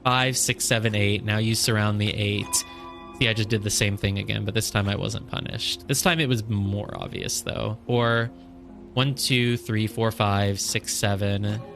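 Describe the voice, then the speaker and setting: A man's voice: on the low side, steady tone, a little slow, gravelly, music in the background. A young man streaming a puzzle game, thinking aloud, counting squares and scolding himself over his mistakes. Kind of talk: casual live gameplay commentary.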